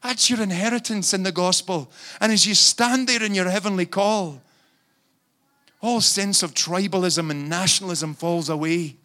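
A man's voice: sits high, moderate pace, sharp tone. A man preaching a sermon, impassioned and pleading, building into fervent prayer. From Scotland.

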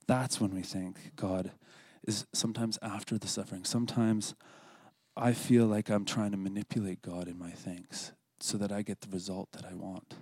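A man's voice: lowish voice, level tone, normal speed, mellow, no room sound. A man giving an earnest, scripted devotional talk at a church service, sometimes dropping to a whisper for prayers. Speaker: lay speaker at a church service.

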